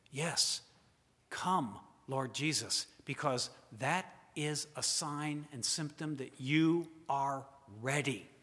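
A man preaching a sermon, asking the congregation rhetorical questions, rising to loud emphasis and then dropping to quiet asides. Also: mid-range voice. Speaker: pastor. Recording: long hall reverb.

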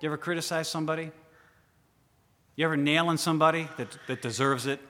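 A man preaching a dramatic sermon with a bright, forceful tone. He fires questions at his listeners and drops to a hush for effect. His voice rings with the long reverb of a large hall. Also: fairly high pitch, steady tone, fast talker. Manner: dramatic, questions the listeners directly, swings from loud to hushed.

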